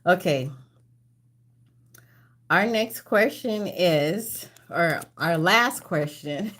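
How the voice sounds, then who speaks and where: A woman hosts a trivia game on a casual live stream, speaking slowly with an unhurried pace. She is out of breath and laughs between lines. She drifts off her phone mic now and then. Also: fairly low pitch, expressive, a bit bright. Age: older. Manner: chatty, laughing, reads out questions slowly. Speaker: livestream trivia host.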